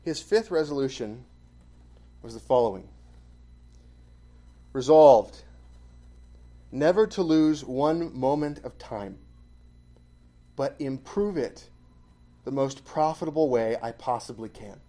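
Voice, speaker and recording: A man preaching a sermon and closing in prayer, stressing key phrases with sudden loud emphasis. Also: mid-range voice, lively intonation, unhurried, long pauses.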